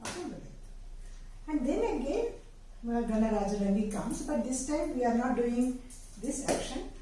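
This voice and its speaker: A woman's voice: on the high side, lively intonation. Woman teaching dance in a very echoey room. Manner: patient, explanatory, pauses with fillers while demonstrating. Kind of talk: step-by-step dance instruction. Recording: very echoey room, voice far from the mic, faint noise.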